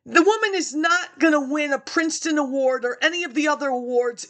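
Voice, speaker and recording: A woman's voice: high voice, normal speed, pauses often, a bit bright. A woman vlogger in a rambling casual monologue, hopping from topic to topic, chuckling to herself and speaking straight to her viewers. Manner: chatty, jumps between topics, chuckles to herself.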